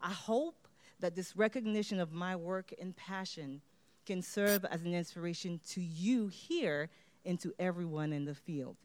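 A woman's voice: on the low side, a little slow, darkish tone. A woman giving a motivational award acceptance speech, leading her listeners in call-and-response chants.

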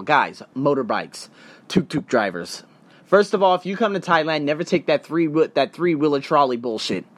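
An animated young man rants through a story into a close, dry mic, his voice jumping up and down in pitch. He swears freely and slips into quick impressions of the people he meets. His voice sits a little high. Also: no room sound. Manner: animated, profane, acts out other people's voices. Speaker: podcast host. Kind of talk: casual storytelling rant.

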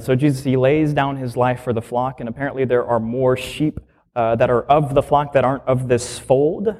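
A man, a minister, preaching a sermon with emphatic, lively delivery, asking rhetorical questions and slowing down to stress key phrases. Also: mid-range voice.

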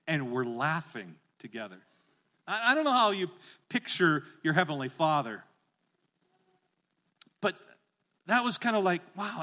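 This middle-aged pastor, whose voice sits on the high side, preaches with animation that swells into emphatic calls. He has the congregation repeat his phrases.

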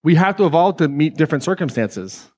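A man giving a live self-help seminar talk to an audience, energetic and joking, swearing freely. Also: a little high, a little fast. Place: event hall with audience.

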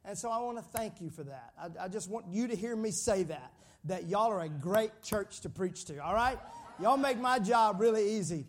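A lively pastor with a high-pitched voice preaches a sermon at normal speed, joking with the congregation and calling on them to repeat his words back.

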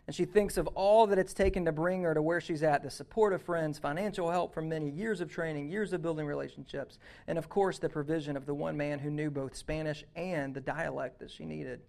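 A man preaching a sermon, telling a story that moves from hushed passages to loud, urgent ones. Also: on the high side, steady tone, fairly quick, gravelly, few pauses. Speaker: youth pastor.

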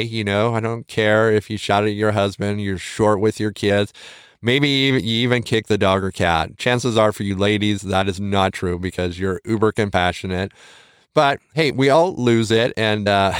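A man's voice: fairly low pitch, clean tone, no room sound, clean studio sound. Earnest man coaching listeners. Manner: earnest, coaxing, rambling with many restarts. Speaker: motivational podcast host. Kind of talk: encouraging podcast talk.

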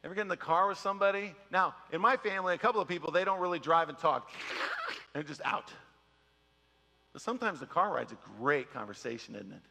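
A middle-aged man preaching a casual, joking sermon as pastor, slipping into quick impressions of other people. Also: a little high, creaky, big-room sound. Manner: animated, joking, mimics people in quick asides. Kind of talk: conversational sermon.

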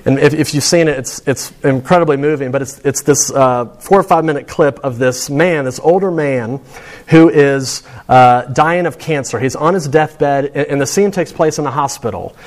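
A man's voice: on the high side, moderate pace. A man giving a sermon to students in a conversational, storytelling way. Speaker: preacher.

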